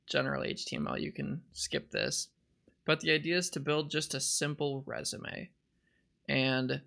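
Gravelly-voiced man explaining coding projects. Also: medium pitch. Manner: relaxed, conversational, uneven pace with pauses. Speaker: programming tutorial host. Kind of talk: casual explanatory tutorial.

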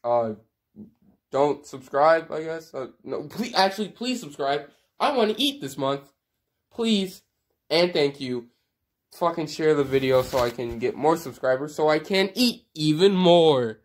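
A man rants in a casual comedic vlog, swearing freely and mocking himself with sarcastic asides. His pitch swings widely as he plays up his frustration for laughs. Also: expressive, unhurried. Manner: profane, sarcastic and self-mocking; melodramatic, exaggerated frustration. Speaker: sports fan YouTuber.

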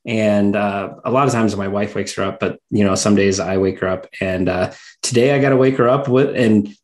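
A man co-hosting a podcast, relaxed and easygoing in casual conversation. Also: fairly low pitch, moderate pace. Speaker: podcast co-host.

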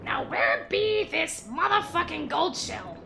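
A woman voicing a crude, excitable little mushroom man during a game livestream. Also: very high voice, unhurried, gravelly, over music, heavily acted. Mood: brash. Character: squeaky foul-mouthed little mushroom man.

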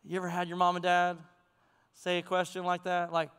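A middle-aged male pastor preaching a sermon to his congregation in a church sanctuary, in a conversational, animated way with chuckles. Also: high voice, fairly quick, clean tone. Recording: long hall reverb.

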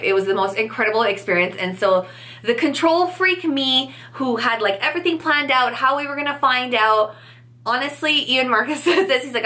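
Young woman vlogger, pregnant, lively storyteller; bright, slightly high voice. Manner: animated, chatty, acts out quotes. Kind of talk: casual storytelling to camera.

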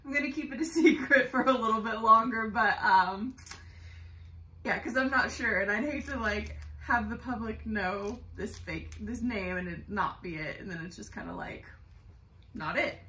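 Chatty woman with a bright voice, roomy echo. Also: measured pace, distant mic. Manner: chatty and excitable, many fillers, high coos to her bird. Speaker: bird vlogger. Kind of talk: casual show-and-tell vlog. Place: room at home. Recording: roomy echo, voice a bit off-mic.

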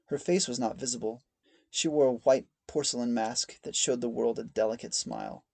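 Narrator: man, steady measured storytelling, gravelly, very dry close sound. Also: mid-range voice, dry recording. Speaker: audiobook narrator. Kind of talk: scripted narration.

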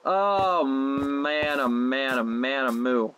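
A woman giving casual gameplay commentary, excitable, talking to herself and swearing when things go wrong. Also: extremely low pitch, takes it slowly, noisy background. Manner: excitable, talks to herself, swears, frequent yelps and laughs.

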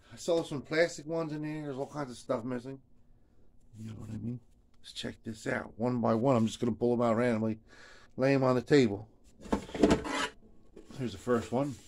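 Man, video host, slangy, swears a lot, rambling laid-back storytelling, mid-pitched voice. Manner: slangy and profane, keeps saying "man" and "you know what I'm saying". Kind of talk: casual rambling vlog.

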